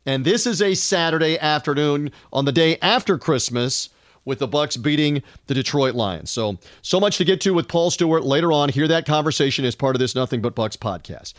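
A man's voice: a little high, expressive, no echo, studio quality. Upbeat man hosting a sports podcast. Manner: upbeat, rapid run-on delivery with fillers. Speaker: podcast host.

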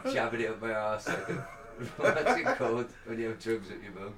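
A man's voice: on the low side, normal speed, background noise. A man, co-hosting a podcast in casual chat, swearing and laughing a lot. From England. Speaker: podcast co-host.

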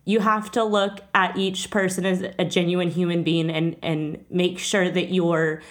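A woman's voice: lowish voice, level tone, unhurried. A woman hosting a casual interview, talking earnestly and getting emotional at times. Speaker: podcast host.

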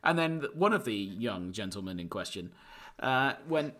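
A man in his thirties co-hosting a comedy podcast, telling stories in a dry, deadpan way. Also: on the low side, normal speed. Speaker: podcast co-host. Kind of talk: casual comedic storytelling.

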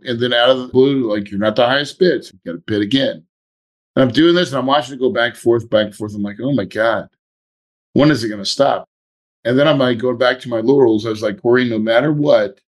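A man hosting a podcast, telling a story in a casual, animated way and acting out his own thoughts. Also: medium pitch. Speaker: podcast host.

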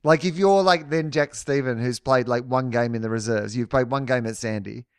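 Rambling podcast host. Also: male voice, medium pitch, normal speed, clear, resonant tone, no echo, studio quality. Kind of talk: casual chat, mock interview.

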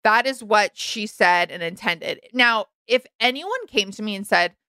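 A young adult woman co-hosting a podcast, talking through a reality show in a frank, animated, casual way. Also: mid-range voice, a little slow, clear, resonant tone, no room sound. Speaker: podcast co-host. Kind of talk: casual recap chat.

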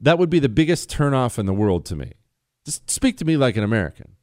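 A man's voice: mid-range voice, very animated, quick pace, darkish tone, no room sound, studio quality. A man hosting a talk radio show, speaking bluntly and sarcastically with strong emphasis. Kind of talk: opinionated talk radio monologue.

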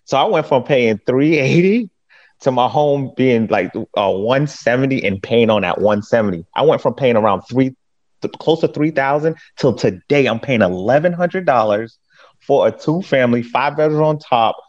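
A man, a real estate agent from the Boston area, telling his story in a casual interview with emphatic, animated delivery. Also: mid-range voice, normal speed. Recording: dull, lo-fi sound.

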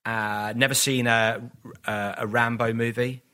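A man's voice: medium pitch, level tone, unhurried, pushed and bright. A man talking as a guest on a casual podcast, rambling and self-deprecating, with many restarts, and acting out quotes from his past. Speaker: comedian guest.

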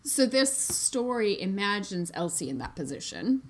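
A woman's voice: medium pitch, very animated, moderate pace, a crowd in the background. A woman in casual chat, retelling a book and reading from it in a chatty way full of "like". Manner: chatty, fillers of "like", laughing.

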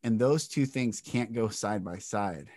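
A man's voice: fairly low pitch, a little slow, darkish tone, no room sound, studio quality. A man as a podcast guest, telling an emotional personal story with intensity and swearing freely. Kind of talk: candid interview talk.

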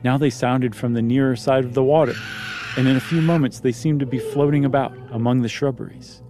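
A man with a steady, mid-range voice reads a ghost story a little fast, with music in the background. He delivers the text plainly and periodically interrupts himself with jokes and comments, keeping the storytelling casual.

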